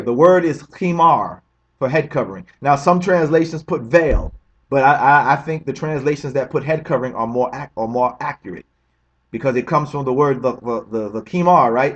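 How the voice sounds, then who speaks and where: A man's voice: a little high, breathy edge, lo-fi sound. A man hosting a commentary video, talking emphatically, repeating himself and firing off rhetorical questions with a tagged-on "right?". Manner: keeps asking the listener "right?". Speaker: religious commentary host.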